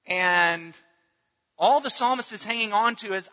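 A man preaching with a high, very bright voice, earnest and halting as he repeats his words. His voice rings with a long reverb, and the sound is dull and lo-fi. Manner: earnest, restarts words, dips to near-murmur at times. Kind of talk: sermon.

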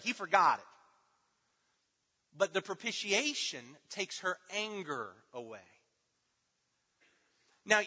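Male preacher, emphatic teaching style, animated high voice; dull recording with long hall reverb. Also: slightly rough. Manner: emphatic, swinging between loud stresses and hushed asides. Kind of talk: teaching sermon.

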